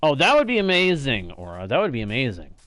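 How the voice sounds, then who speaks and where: A man's voice: mid-range voice, huge pitch swings, fast, fairly bright tone, no echo. A man with a slightly nasal voice, chatting casually with viewers while live-streaming a game, thanking them often and laughing easily.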